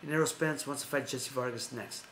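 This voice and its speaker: A man's voice: mid-range voice, fairly quick, fairly bright tone, roomy sound, a little hiss or hum. A man hosting a live stream, talking boxing news in a loose, rambling way with frequent restarts and laughs. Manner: rambling, self-correcting, laughs often. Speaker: host. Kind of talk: casual boxing news chat.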